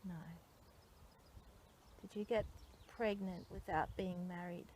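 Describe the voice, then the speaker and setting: A woman working as a psychic medium, gently asking a spirit question after question at a graveside in an outdoor cemetery. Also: fairly low pitch, level tone, slow. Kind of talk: spoken séance at a graveside. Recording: outdoor noise behind the voice.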